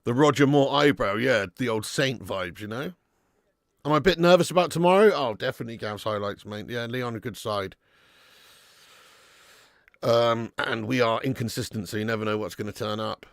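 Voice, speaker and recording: A man's voice: mid-range voice, moderate pace, gravelly, no room sound, studio quality. A man hosting a live football watch-along stream, bantering and laughing as he reads out viewer messages.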